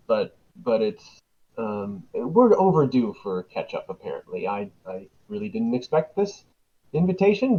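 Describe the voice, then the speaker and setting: A man's voice: on the low side, narrow, tinny audio. A man playing his character in a tabletop game, speaking in character with hammy flourishes. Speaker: player.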